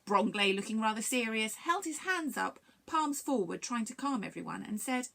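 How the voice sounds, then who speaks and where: A woman reads a children's story aloud at story time. Her voice is fairly high, with a gravelly texture, and it rises and falls with lively expression. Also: moderate pace, few pauses. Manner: expressive, animated reading. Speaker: library story reader.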